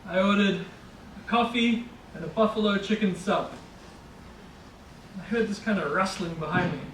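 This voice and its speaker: High-voiced New man telling a story. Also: moderate pace, a bit bright, reverberant, distant mic, a little hiss or hum, low-quality recording. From New Zealand. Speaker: storyteller and interviewer. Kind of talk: casual anecdote.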